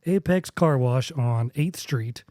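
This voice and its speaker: A man's voice: medium pitch, dark tone, no room sound. A young man with a drawl hosts a casual podcast, rambling and joking with friends. His voice sits in a middle register, and the recording is dry and close with no room sound. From West Texas. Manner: joking, rambling, quick to laugh. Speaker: podcast host.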